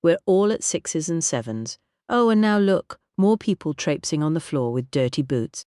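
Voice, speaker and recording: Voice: mid-range voice, expressive, normal speed, dark tone, smooth, dry recording, clean studio sound, lightly acted. A narrator voicing a nervous, chattering grey-haired housekeeper. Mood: fretful. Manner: fretful chatterbox, rambling.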